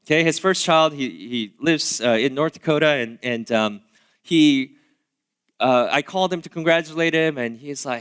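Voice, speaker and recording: A man's voice: a little high, normal speed, clean tone. A man in his thirties, a pastor giving a sermon in a church, talking casually with lots of fillers and asides. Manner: casual, conversational preaching with many fillers; animated, swinging between loud asides and quiet remarks. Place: church sanctuary.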